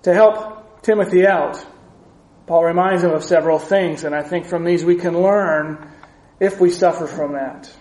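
Earnest high-voiced male preacher. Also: darkish tone, roomy sound, low-quality recording. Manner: earnest, measured teaching with scripture readings. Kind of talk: sermon.

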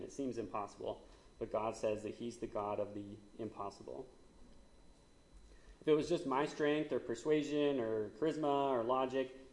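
A man's voice: medium pitch, darkish tone, echoey room. A man, likely in his thirties, giving a conversational sermon with frequent fillers and asides, as the church's pastor.

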